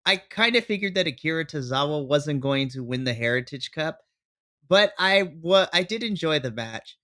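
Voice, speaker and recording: Male podcast co-host, American, upbeat recap voice, bright and a touch high. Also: normal speed. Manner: enthusiastic, excitable recapping. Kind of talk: casual wrestling recap.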